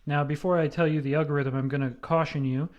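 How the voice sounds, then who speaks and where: Guy teaching a math lecture, kinda higher voice, mellow, says "right?" a lot, slightly muffled audio. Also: steady tone, fast talker. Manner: explanatory, repeats with "right?" and fillers.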